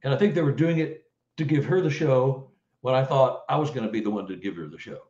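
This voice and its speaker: Man from Texas, interview guest, animated yarn-spinner, mid pitch, roomy lo-fi recording. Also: fast talker. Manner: animated, acts out quoted voices, many "you know" fillers. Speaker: guest investigator. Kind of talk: storytelling in an interview. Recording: roomy, slightly dull audio.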